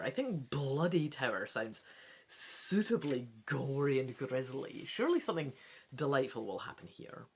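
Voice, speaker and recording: A woman's voice: low-pitched, slightly rough. A woman reading a choose-your-own-adventure book aloud, adding wry asides. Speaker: reader of a gamebook.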